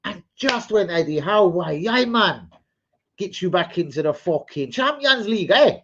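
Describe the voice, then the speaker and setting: A brash Geordie football fan, put on by a man, shouting and swearing in high, exasperated bursts. His voice sits above the speaker's own. The livestream sound is dull and lo-fi. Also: full character voice. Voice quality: sweary, exclaiming. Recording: lo-fi livestream audio.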